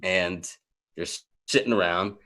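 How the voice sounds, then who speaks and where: A man's voice: low-pitched, measured pace. A man in his forties from New York, hosting a casual chat and telling a story with lots of laughter. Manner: animated, laughs often, jumps into quoted voices. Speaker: podcast host.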